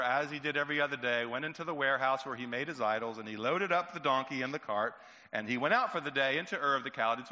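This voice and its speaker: A middle-aged male preacher giving an earnest sermon, storytelling and slowing down for emphasis. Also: mid-range voice, pushed and bright. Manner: earnest, slow and emphatic at key points. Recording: echoey hall, dull lo-fi sound.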